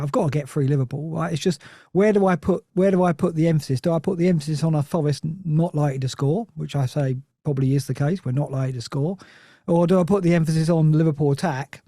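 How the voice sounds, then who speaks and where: A man's voice: a little high, warm tone, dry recording, studio quality. A man chatting on a football podcast, rambling and restarting his sentences often. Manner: rambling, self-interrupting, many restarts. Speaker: Nottingham Forest fan guest. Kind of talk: casual podcast chat.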